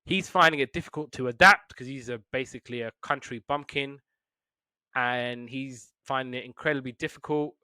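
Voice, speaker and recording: A man hosting a podcast in casual chat, retelling cartoons with lively put-on voices. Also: medium pitch, normal speed, smooth, no echo, clean studio sound. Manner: animated storytelling with put-on voices. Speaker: podcast host.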